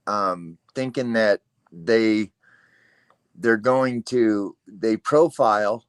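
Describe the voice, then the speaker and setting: A man who joins a livestream as a guest and speaks in a plain, measured way. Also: fairly low pitch, clear, resonant tone, no echo. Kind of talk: casual chat.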